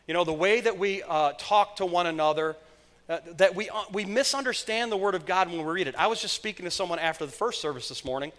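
A man's voice: on the high side, fairly bright tone, big-room sound. A man preaching a sermon as pastor, conversational and emphatic, often repeating his phrases. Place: church sanctuary.

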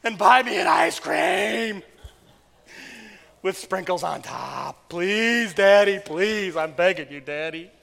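A man's voice: sits high, lively intonation, takes it slowly, creaky, pushed and bright, heavily acted. A man voicing a whiny little child who pleads with their dad over and over, in a long church reverb. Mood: mock pleading. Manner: pleading, repetitive, mock-formal begging.

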